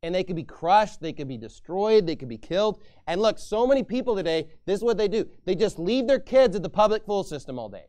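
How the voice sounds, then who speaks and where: Man, pastor, sermon, high voice, emphatic, repetitive. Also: sing-song, a little fast, hardly any pauses, dark tone.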